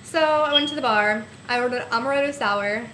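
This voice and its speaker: A young woman telling a story to her webcam in a chatty, animated way, laughing often. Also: fairly high pitch, fairly quick, slight background noise. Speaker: vlogger. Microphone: webcam mic. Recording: echoey room webcam recording.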